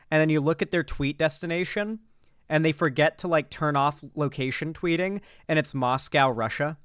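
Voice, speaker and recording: A young male streamer rants through political reaction commentary with a slightly high, clear, smooth voice. He is sarcastic and rambling, and the recording is close and dry. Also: a bit bright, dry recording.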